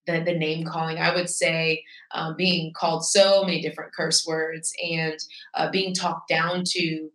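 Low-voiced woman pastor in an echoey room. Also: little pitch movement, unhurried, fairly bright tone, far from the mic. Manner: earnest, frank, conversational. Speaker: guest, pastor. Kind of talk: candid personal storytelling. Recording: echoey room, voice set back from the mic.

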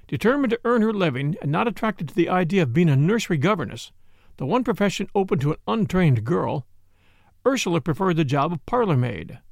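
A man giving measured, scripted narration as an audiobook narrator. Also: on the high side, gravelly, dry recording, studio quality. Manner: measured storytelling.

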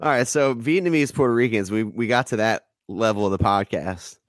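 A man's voice: on the low side, brisk, no room sound, clean studio sound. A man guesting on a podcast as a musician, chatting in a laid-back, profane way. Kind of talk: casual podcast chat.

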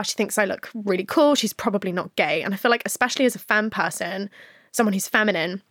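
A woman's voice: mid-range voice, fairly bright tone, no echo, clean studio sound. A woman hosting a podcast, talking frankly in a casual chat, swearing freely and laughing often. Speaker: podcast host.

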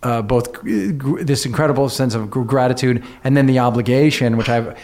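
Earnest, halting middle-aged host. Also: male voice, medium pitch, fairly even intonation, a little mellow. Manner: earnest, halting, many restarts. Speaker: podcast host. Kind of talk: conversational interview.

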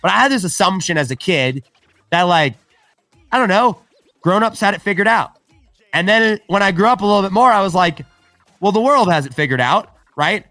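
A man's voice: sits high, lively intonation, brisk, sharp tone, no room sound, soft background music. A man talking casually on a podcast. He tells stories animatedly, acts out quoted dialogue, and says "right?" and "like" a lot. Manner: frequent filler "right?" and "like". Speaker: podcast guest.

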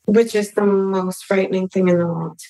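A woman's voice: medium pitch, fairly even intonation, normal speed, creaky, dark tone. A woman hosting a podcast, chatting casually and reacting with emphatic, sympathetic remarks. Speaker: podcast host.

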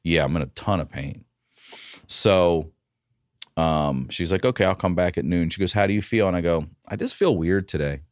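A man, a comedian guest on a podcast, telling a story in a casual, profane, animated way. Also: low-pitched, moderate pace, no echo, studio quality.

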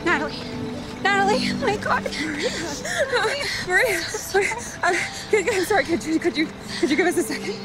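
A woman's voice: animated, fairly quick, pauses often, loud music behind the voice. An actress playing a shaken wife in a TV drama, crying and breathless as she talks. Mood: tearful. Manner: crying, breathless and high-pitched. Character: shaken wife, reunited, tearful and overwhelmed. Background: dramatic score.

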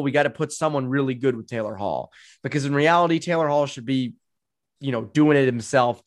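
A man with a Boston accent hosting a casual sports podcast, animated and chatty, his voice jumping up when he gets excited, with frequent ums and restarts. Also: a little high. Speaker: podcast host.

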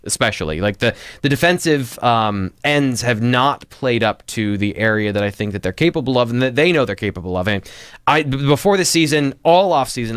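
A man talking football tactics on a live sports show, analytical and a bit halting as he restarts his sentences. His voice sits at an ordinary pitch. The sound is dry and close. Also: fairly bright tone, clear, resonant tone, no echo. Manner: analytical, frequent restarts and fillers. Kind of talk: casual sports talk.

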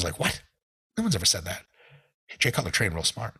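A deep-voiced man talks on a podcast, his husky voice leaping up and down as he rants. He swears freely and piles up his points with restless energy. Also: brisk. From United States. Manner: animated, profane ranting. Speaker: podcast guest. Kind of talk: casual podcast chat.

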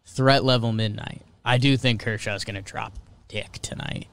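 A young man hosting a casual sports podcast, chatty and opinionated, with quick asides. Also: on the low side, steady tone, a bit bright. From American North. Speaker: podcast host.

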